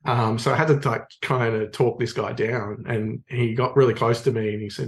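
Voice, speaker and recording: An Australian man, a podcast guest, telling a story in a relaxed, rambling way with plenty of fillers. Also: medium pitch, normal speed. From Sydney, Australia. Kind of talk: casual storytelling in conversation.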